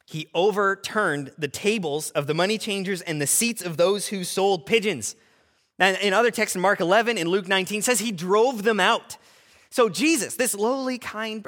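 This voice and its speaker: A male pastor preaching a sermon, animated and full of rhetorical questions. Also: high voice, in a large hall.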